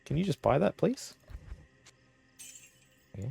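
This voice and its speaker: A man's voice: fairly high pitch, sing-song, slow pace, vocal fry, darkish tone, slightly rough. An Australian man chatting casually on a game stream, rambling, chuckling often and swearing offhandedly. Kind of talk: casual live-stream chat.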